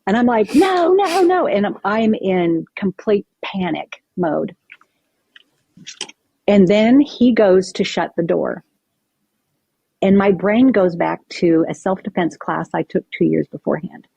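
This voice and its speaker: A woman's voice: lowish voice, a little slow, creaky, breathy edge, no echo. A woman guest on a podcast, recounting a personal story vividly and acting out what people said. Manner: vivid, animated retelling with acted-out quotes.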